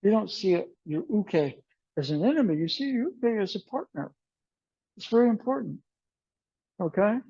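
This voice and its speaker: A man leads a martial arts class, wandering from story to story and slipping into the voices of the people he quotes. His voice is dark and mellow, close and dry with little room sound, and the recording has a dull, muffled, lo-fi edge. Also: high-pitched, animated, normal speed, vocal fry, long pauses, husky, no echo. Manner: meandering storyteller who acts out dialogue. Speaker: aikido instructor. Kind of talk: informal class talk with anecdotes.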